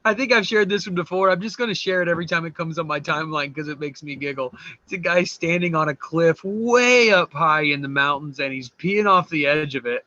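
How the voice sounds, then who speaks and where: Co-host, male, bright forceful voice, giggly meme reader, dull dry call audio. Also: a little high, a little fast, dry recording. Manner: describes pictures and reads captions, giggles often. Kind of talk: casual chat reading memes aloud.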